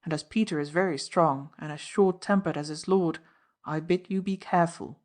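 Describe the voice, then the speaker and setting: A woman's voice: deep voice, steady tone, moderate pace, darkish tone, lightly acted. A woman voicing a haughty, jealous nobleman in an audiobook reading, with commanding speech. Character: haughty, jealous middle-aged male count and magnate.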